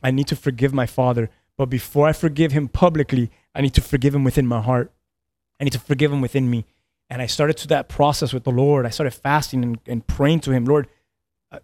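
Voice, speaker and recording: A man in his thirties, a pastor, earnestly tells a personal story on a podcast, repeating words often and laughing between lines. His mid-range voice is steady and darkish, and he speaks fairly quickly. The recording is dry.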